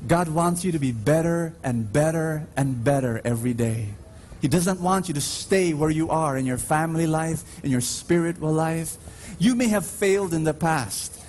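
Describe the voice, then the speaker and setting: A man preaching at Mass in a large church uses a slightly high, darkish voice carrying a bit of hiss or hum. He is emphatic, trading call-and-response with the congregation, and tells his stories in a slow, drawn-out way marked by dramatic rises.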